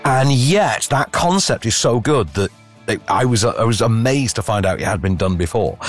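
Man, casual film review chat, very lively pitch, filler-heavy, faint music underneath. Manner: animated, chatty, lots of fillers and restarts.

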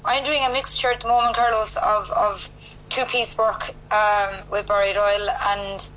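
A woman with a Cork Irish accent, a country singer, speaking on a phone interview in a soft, hesitant way with many pauses. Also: medium pitch, little pitch movement. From West Cork, Ireland. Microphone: telephone. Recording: phone line with faint noise.

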